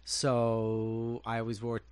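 A man, a fashion designer, telling lively stories in a casual interview and acting out other people's voices. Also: mid-range voice, slow, smooth, no echo. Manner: animated, acts out quoted voices, laughs often.

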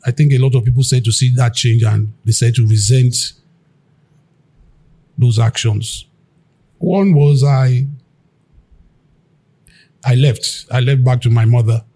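A man's voice: medium pitch, husky. A Nigerian man, a musician, recounting his past in an interview and acting out the people he quotes. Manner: animated, acts out quotes. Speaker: guest musician. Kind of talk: storytelling interview.

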